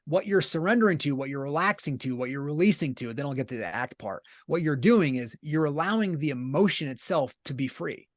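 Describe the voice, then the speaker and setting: A man speaks as a podcast guest, his voice sitting a bit higher than most. He explains things earnestly and keeps checking in with the listener. The recording is dry, with no room sound. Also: lively intonation, fairly quick, few pauses, no room sound. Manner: earnest, explanatory, uses many rhetorical "right?" checks. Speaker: podcast guest, business leader. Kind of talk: casual conversational interview.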